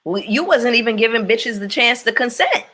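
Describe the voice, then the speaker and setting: A woman's voice: fairly high pitch, animated, normal speed, sharp tone. A woman hosting a casual chat with her viewers, blunt and opinionated, swearing freely as she reacts to a reality show.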